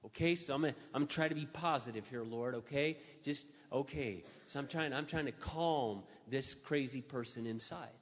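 Middle-aged man, storytelling, self-mocking, animated, echoey hall, muffled sound. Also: medium pitch, normal speed, hardly any pauses. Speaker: Christian speaker. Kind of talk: storytelling talk.

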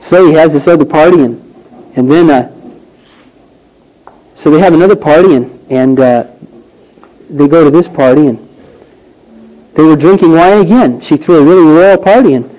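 A man preaching a sermon, emphatic and rhetorical, swinging between loud declarations and hushed questions. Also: fairly high pitch, moderate pace, pauses often, low-quality recording.

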